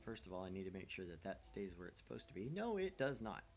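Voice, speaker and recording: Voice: low voice, sing-song, fast, vocal fry, slight background noise. A parent streaming a video game with their daughter, chatting casually with jokey asides.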